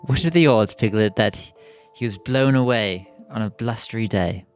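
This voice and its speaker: A man playing his character in a casual tabletop role-playing game, playful and expressive. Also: fairly low pitch, moderate pace, soft background music. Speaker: player.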